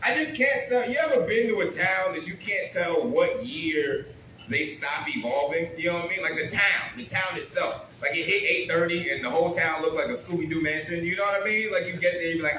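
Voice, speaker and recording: A man performing a stand-up comedy set, talking in a brash, crude and animated way and building rhythmic lists. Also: a little high, a little fast, a little hiss or hum. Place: comedy club with a live audience. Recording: roomy club with crowd laughter.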